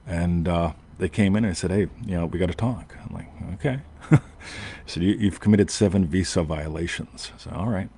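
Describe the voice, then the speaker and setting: A man's voice: sits low, normal speed, vocal fry, dark tone, slightly rough. A man hosting a show, telling a long personal story in a rambling casual way and often asking "right?". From United States. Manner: rambling, self-interrupting, frequent "right?". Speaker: podcast host.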